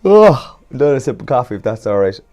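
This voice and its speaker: A man's voice: on the low side, rapid-fire, warm tone, lo-fi sound. A young Irish man hosting a morning radio show, chatting casually and rambling a bit, sounding tired and yawning. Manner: chatty, rambling and self-deprecating.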